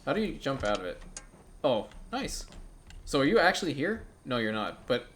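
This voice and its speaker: A man giving casual, chatty commentary over a city-building game, turning gleeful and loud when something delights him. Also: mid-range voice, moderate pace, slight background noise. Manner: chatty, excitable, bursts into gleeful shouting. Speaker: gaming YouTuber.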